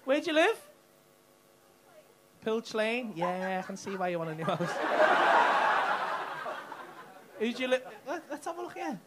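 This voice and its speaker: A man's voice: high-pitched, sing-song, slow pace, long pauses. A man doing cheeky, sweary crowd work on stage at a comedy club. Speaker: stand-up comedian. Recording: live club recording with crowd noise. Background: loud audience laughter.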